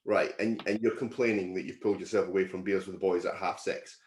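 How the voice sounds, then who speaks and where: A man's voice: low-pitched, steady tone, quick pace, darkish tone, slight background noise. A man hosting a casual podcast, teasing and joking with his co-hosts. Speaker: podcast host. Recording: echoey room.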